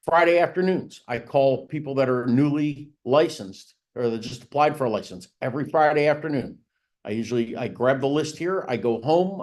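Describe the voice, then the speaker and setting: A man with a medium-pitched, darkish voice trains real estate agents in business planning. His style is conversational, with frequent "right?" and "again." He emphasizes key points with a rising push.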